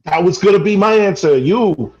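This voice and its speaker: A man plays a soft-hearted orchard farmer who stumbles through his words, stopping and restarting as feelings well up. His voice sits a little high for a man. The live recording sounds dull and lo-fi. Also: animated. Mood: heartfelt. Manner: halting, stammering, sentimental. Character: sentimental aging male orchard owner Ricky. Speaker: improv performer. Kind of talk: improv comedy scene.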